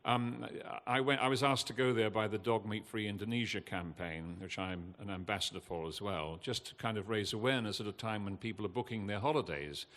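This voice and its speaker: An older man, giving an impassioned, earnest talk from a festival stage, halting with fillers now and then. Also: fairly low pitch, fairly bright tone. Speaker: guest speaker at a festival. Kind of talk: emotional public talk. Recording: long hall reverb.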